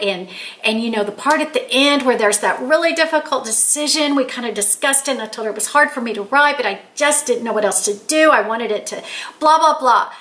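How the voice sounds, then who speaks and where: An older woman chatting to camera as a channel host, telling stories in an excited, chatty way and acting out quoted dialogue. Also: high-pitched, a little hiss or hum. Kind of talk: casual storytelling to camera.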